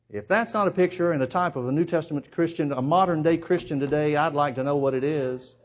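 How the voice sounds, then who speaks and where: A male preacher with a somewhat high voice delivers a sermon with emphasis. He fires rhetorical questions and swings from loud pushes down to hushed asides. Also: fast talker.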